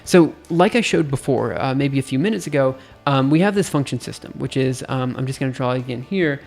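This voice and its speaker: A man with a slightly gravelly voice talks through a physics idea on a livestream, thinking aloud and giggling at his own asides. Faint music plays quietly behind him. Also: medium pitch, lively intonation, a little fast. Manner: chatty, giggly, self-deprecating, thinks aloud. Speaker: streamer teaching physics. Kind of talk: casual livestream explanation.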